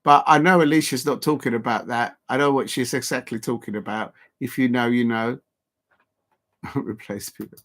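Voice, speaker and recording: An excitable middle-aged man gives live watch-along commentary on a football match. He talks in a loose, chatty way, reacts to the action as it happens and speaks directly to his viewers. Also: mid-range voice, moderate pace. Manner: excitable, chatty, reads out chat.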